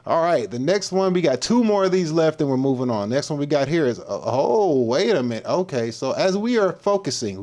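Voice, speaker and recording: A man's voice: mid-range voice, a little mellow. A man from Texas, hosting a fitness livestream in a playful, joking manner with loose, repetitive slang. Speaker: fitness coach, livestream host.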